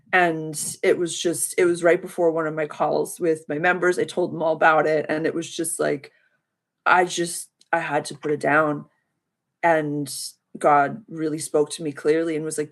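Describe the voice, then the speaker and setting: A woman chats casually on a livestream, her voice sitting a little low. She tells a long story in a heartfelt, rambling way, often stopping to thank her viewers. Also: fairly even intonation, normal speed. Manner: addresses viewers by name and thanks them warmly. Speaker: spiritual coach hosting a live members' call.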